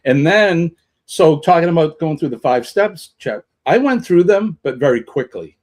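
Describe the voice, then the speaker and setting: A man's voice: fairly high pitch, animated, moderate pace, darkish tone. A man co-hosting a casual live morning chat show, talking in an earnest, motivational way with many fillers and restarts.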